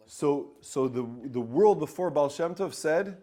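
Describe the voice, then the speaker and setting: A man who works as a spiritual coach, giving an animated teaching talk, repeating phrases and acting out inner voices as he explains. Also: a little high, a little slow, few pauses.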